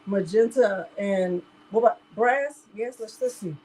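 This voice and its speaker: A woman with a medium-pitched, warm, husky voice speaks at a measured pace on a rough recording. She hosts a live crafting tutorial, chatting casually, addressing viewers directly as "y'all" and laughing often.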